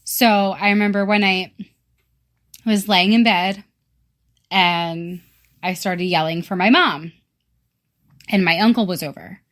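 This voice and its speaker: Woman guest, casual story-telling, swears and laughs a lot, mid-pitched. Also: unhurried, long pauses. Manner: relaxed, laughs and swears while telling stories. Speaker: podcast guest.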